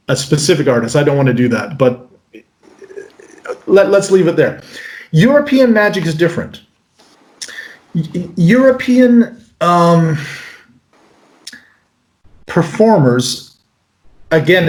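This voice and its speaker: Man in his forties, from North America, animated, fairly high voice. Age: 40s. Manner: animated, breaks into mock voices. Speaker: magician guest. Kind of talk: casual interview answers. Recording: roomy echo.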